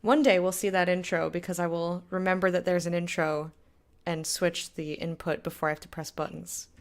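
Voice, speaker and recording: A woman's voice: lowish voice, steady tone, brisk. A young woman chatting casually with her stream viewers while gaming, rambling, laughing often and going off on tangents. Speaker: game streamer.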